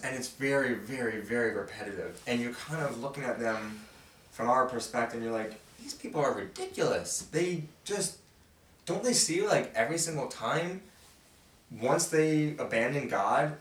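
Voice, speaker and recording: Man, mid-pitch, conversational Bible study host, animated quote reading; distant mic, roomy sound. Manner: conversational, voices the characters' quotes with feeling. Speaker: host reading and explaining scripture. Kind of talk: casual Bible study teaching.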